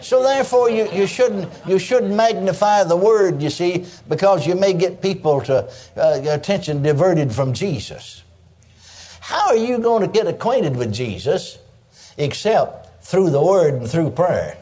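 An older man preaches in a homey, animated style, sprinkling praise asides through his points. His voice sits fairly high for a man, with a warm, mellow tone. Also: measured pace. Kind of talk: sermon.

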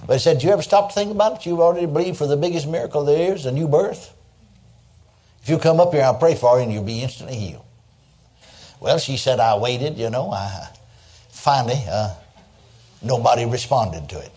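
A man's voice: medium pitch, a little fast, long pauses, mellow. An older man preaching a sermon, telling stories in a folksy way and chuckling as he goes. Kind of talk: sermon with storytelling.

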